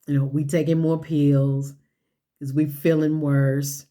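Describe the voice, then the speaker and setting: A woman's voice: deep voice, flat delivery, takes it slowly, warm tone. A woman giving a motivational sermon-style talk, building on repeated rhetorical questions and folksy phrasing. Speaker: speaker.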